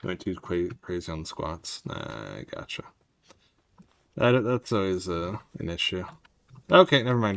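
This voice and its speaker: This man's voice is low-pitched and moves at a moderate pace, with no room sound at all. He's streaming a game and rambling wryly through casual commentary, talking straight to his chat as he goes.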